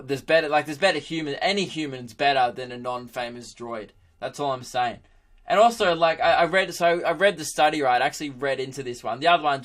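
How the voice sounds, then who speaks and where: Bright-voiced young man joking crudely. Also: on the high side. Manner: animated and crude, laughing often. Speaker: podcast host, comedian. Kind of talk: casual comedic monologue.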